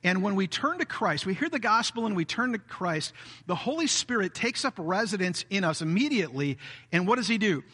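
Man, pastor, sermon, high bright voice, long hall reverb. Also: sing-song, brisk, breathy edge. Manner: earnest preaching with brief acted quotes of a self-righteous voice.

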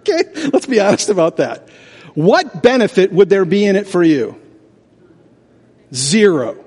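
A pastor preaching a sermon in a church, animated, asking rhetorical questions and acting out doubters. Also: male voice, sits high, a little slow, long pauses, slightly rough. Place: church sanctuary. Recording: reverberant large hall.

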